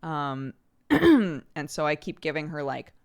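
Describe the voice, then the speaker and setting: Woman streamer, 30s, lowish pitch, casual and rambling, answering chat. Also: very animated, slow pace, creaky, a little mellow, clear, resonant tone. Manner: chatty, rambling with many restarts. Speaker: livestreamer.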